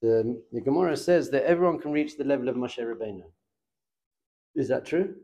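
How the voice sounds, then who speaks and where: Animated rabbi teaching a class. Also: male voice, medium pitch, brisk. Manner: animated, conversational, asks the class questions. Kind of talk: informal Torah class lecture.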